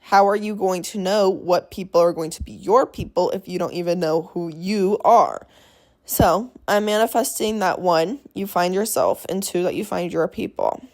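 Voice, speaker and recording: A woman's voice: medium pitch, a little mellow. A young woman hosting her own podcast, talking alone in a blunt, profane, rambling way and giving pep talks. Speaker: podcast host. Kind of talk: casual solo podcast monologue.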